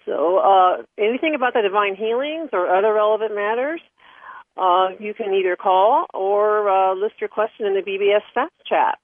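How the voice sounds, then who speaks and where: A woman's voice: mid-range voice, no room sound. A woman co-hosting a radio show, reading out announcements in a friendly, hesitant way with many fillers. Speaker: radio co-host. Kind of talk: casual radio talk and announcements. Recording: phone-like line, dry.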